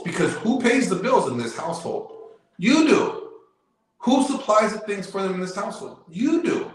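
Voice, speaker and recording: A man's voice: sits high, very animated, slow, pauses often. Emphatic man in a very echoey room. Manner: emphatic, repeats himself, lectures. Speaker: guest. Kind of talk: casual debate on a live show.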